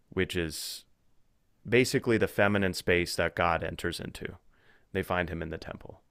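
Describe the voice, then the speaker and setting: A man talking as a podcast guest in a casual conversation, thinking aloud with restarts and growing animated when he retells stories. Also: sits low, smooth, no echo, studio quality. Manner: thoughtful, with frequent restarts and fillers.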